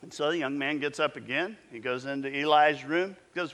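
A man in his fifties preaching with a bright, forceful voice, his speech a little higher than most men's. He tells his story in a relaxed, reflective way, and a long reverb trails each phrase, as in a church. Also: fairly quick. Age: 50s. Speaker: pastor. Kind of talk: storytelling sermon.

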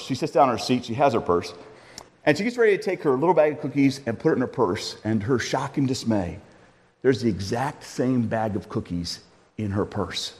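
A man preaches with a lively, swooping delivery and slips in humorous asides. His voice sits a little high for a man. It rings out with the long reverb of a large hall. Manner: animated, conversational storytelling with humorous asides. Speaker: pastor. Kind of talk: sermon with storytelling.

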